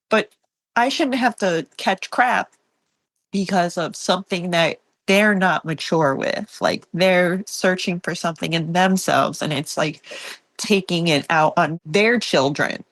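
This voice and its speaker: A woman's voice: lowish voice, unhurried, fairly bright tone, no echo, rough recording. A woman podcast guest opening up in a candid personal conversation, emotional and rambling with many fillers.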